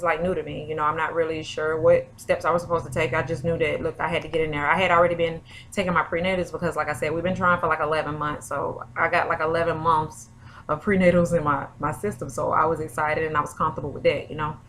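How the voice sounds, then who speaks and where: A woman's voice: low voice, flat delivery, quick pace, a bit bright. A young woman talks to her camera at home in a rambling, chatty vlog. She keeps circling back with fillers and asides. A faint hum of room ambience sits behind her. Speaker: vlogger. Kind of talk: casual chat.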